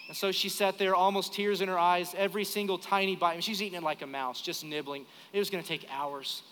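Bright-voiced man preaching in a reverberant church. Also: high-pitched. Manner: storytelling, animated, acts out dialogue. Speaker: pastor. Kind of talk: sermon. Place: church sanctuary during live service. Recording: live church hall with reverb.

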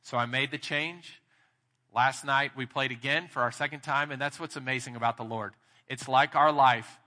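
A man with a Texan accent preaching a sermon as pastor, candid and storytelling, growing animated in his anecdotes. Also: medium pitch, moderate pace, in a large hall.

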